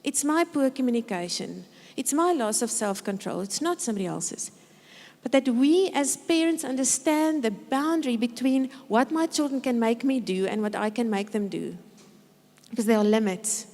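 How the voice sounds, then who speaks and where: Middle-aged woman conference speaker, animated storyteller who mimics parents and kids, fairly high voice, booming church hall. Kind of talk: conference talk with acted-out quotes. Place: large church auditorium. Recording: reverberant hall.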